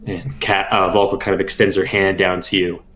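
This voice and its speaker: A man narrating a tabletop role-playing game as game master, describing scenes in a measured storytelling way. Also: low-pitched, flat delivery, a bit bright, a little hiss or hum.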